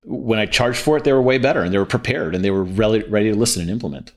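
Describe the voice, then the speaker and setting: A fast-talking man with a lowish voice tells business stories in casual conversation. He slips into quoted dialogue as he goes, animated and loose. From India. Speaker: guest entrepreneur. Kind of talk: casual podcast chat.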